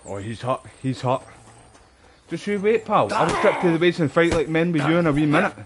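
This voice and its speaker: Swearing Scottish streamer over game noise. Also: male voice, fairly high pitch, expressive, fairly quick. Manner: swearing, egging on the game fights, chatty asides. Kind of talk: live gameplay commentary. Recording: game audio in the background.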